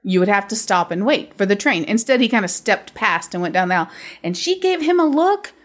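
A woman's voice: mid-range voice, lively intonation, a little fast. A woman hosting a podcast in casual chat, telling stories in a blunt, profane, ranting way. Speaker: podcast host.

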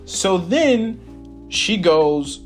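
Animated, profane young man rambling. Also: high voice, very slow, soft background music. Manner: animated, profane, rambling retelling with many fillers. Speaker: podcast host. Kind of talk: casual solo storytelling.

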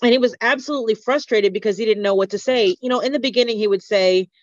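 Talking fast in a slightly high voice, a woman appears as a guest on a podcast, sharing candidly in an earnest, open, reflective way. The recording is dry, with dull lo-fi podcast sound.

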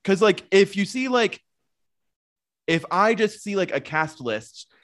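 A man's voice: sits high, sing-song, a little slow, a bit bright. A man co-hosting a podcast, chatting about a reality show with lots of "like" fillers. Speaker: podcast co-host. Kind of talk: casual chat recapping a reality show.

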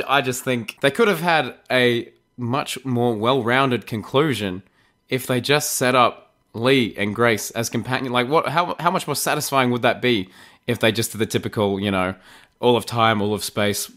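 Young male co-host, mid pitch; relaxed, agreeable, quick to laugh. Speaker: podcast co-host. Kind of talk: casual fan podcast chat.

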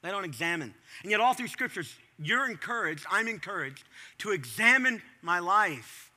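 A middle-aged man preaches with a high, very bright and ringing voice. He talks to the congregation conversationally, then breaks into sudden animated bursts. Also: normal speed. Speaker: pastor. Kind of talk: sermon.

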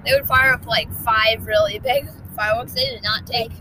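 A groggy woman co-hosting a casual family podcast with her son, animated and giggly with lots of ums. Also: on the high side, moderate pace, noisy background. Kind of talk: casual family chat and storytelling.

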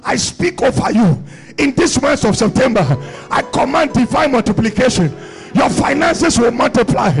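With a very high-pitched, lively voice at a normal speed, a man shouts a charismatic church sermon in repeating rhythmic phrases punctuated by "uh," commanding blessings upon the congregation. Faint music plays behind him, and the audio is poor.

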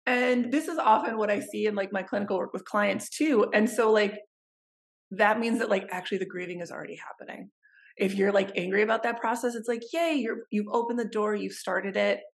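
A woman, a therapist guest in an interview, telling warm, expressive stories and acting out little quotes. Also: medium pitch, brisk, gravelly. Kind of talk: casual interview chat.

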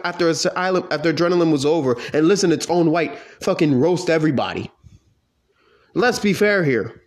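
Heated, profane man ranting. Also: a little mellow. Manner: profane, heated, pitch swinging widely. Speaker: online wrestling league fan. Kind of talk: angry vlog rant.

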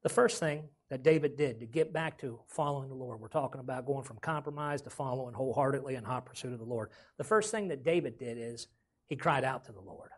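A man's voice: mid-range voice, fast talker. A man preaching a sermon as pastor, with folksy casual grammar and frequent calls of "amen?".

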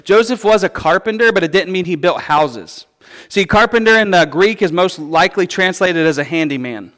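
A male preacher with a voice pitched a little above the usual, teaching scripture in a casual, conversational sermon. He talks in an animated, chatty way and drops playful asides as he explains. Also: normal speed.

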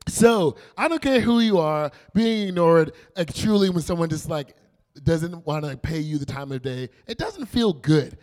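Young male youth pastor, playful storyteller, slightly high voice. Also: moderate pace. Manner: animated, playful storytelling with acted quotes. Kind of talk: casual youth sermon.

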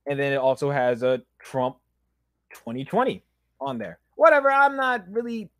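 A man hosting a podcast, telling a personal story in a candid, animated way, with loud emphasis and quiet asides. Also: medium pitch, dry recording, studio quality. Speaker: podcast host.

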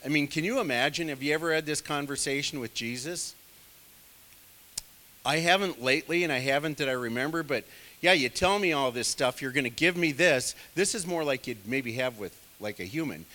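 A man's voice: a little high, fairly quick, sharp tone. A man preaching a sermon in a conversational way, full of asides to the congregation. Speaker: pastor.

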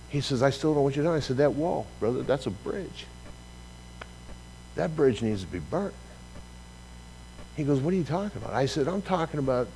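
A man preaching a sermon, telling a personal story with lively acted-out dialogue. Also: medium pitch, slight background noise, poor audio. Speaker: pastor.

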